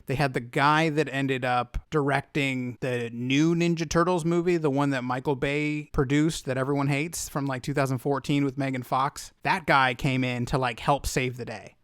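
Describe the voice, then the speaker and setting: A man's voice: medium pitch, fairly even intonation, moderate pace, few pauses, fairly bright tone, smooth, dry recording, studio quality. An American man co-hosting a podcast, chatting casually in a rambling way with many restarts. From United States. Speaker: podcast co-host. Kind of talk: casual chat.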